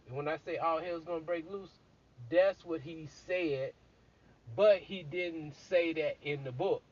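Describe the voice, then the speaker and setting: Husky man, blunt crude storyteller. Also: on the high side, measured pace. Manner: blunt, crude, animated retelling with quoted voices. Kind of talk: casual profane storytelling. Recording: dull lo-fi recording.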